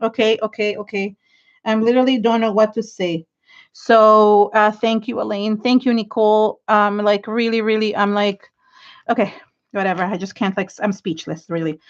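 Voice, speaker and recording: A woman's voice: medium pitch, steady tone, normal speed, muffled recording. A middle-aged woman hosting an art journaling livestream, chatting casually and gushing with thanks to viewers, teary and close to crying. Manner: gushing, emotional, thanks viewers and keeps restarting sentences. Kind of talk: casual livestream chat while crafting.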